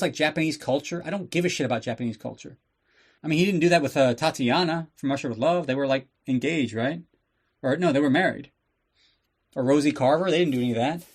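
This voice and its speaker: A man's voice: fairly high pitch, lively intonation, quick pace, breathy edge. A man hosting a podcast who recaps a film in a casual, sarcastic way, swearing and riffing as he goes. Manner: sarcastic and profane, riffing on the plot. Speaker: podcast host. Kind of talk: casual comedic movie recap.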